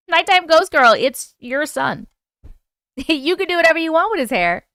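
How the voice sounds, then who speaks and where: A woman's voice: high voice, sing-song, unhurried, fairly bright tone, no room sound, clean studio sound. A woman with a New York accent hosting a live stream, greeting chatters by name in a chatty, playful way. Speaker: livestream host. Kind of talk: casual live-stream chat.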